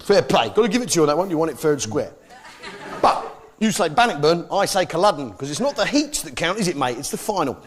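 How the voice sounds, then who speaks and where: A comedian playing a boastful, jingoistic English pub landlord with an English accent, bellowing chummy asides to a live audience. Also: male voice, fairly high pitch, sing-song, fast, background noise. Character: loud boastful English pub landlord, middle-aged man. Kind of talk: stand-up comedy character act.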